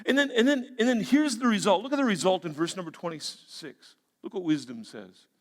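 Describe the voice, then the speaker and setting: A man preaching a sermon as a pastor, animated, acting out quoted voices and asides. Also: high-pitched, fairly quick. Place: large church auditorium. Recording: long reverb of a large church hall.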